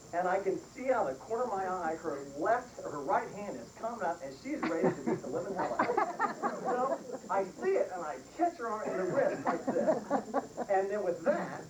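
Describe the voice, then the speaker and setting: A man's voice: sits high, normal speed. A middle-aged man giving a eulogy for his mother, telling a funny family story with lots of laughter. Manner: animated storytelling with frequent laughs. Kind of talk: humorous storytelling at a funeral. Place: funeral service hall. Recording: echoey room from far off, noisy.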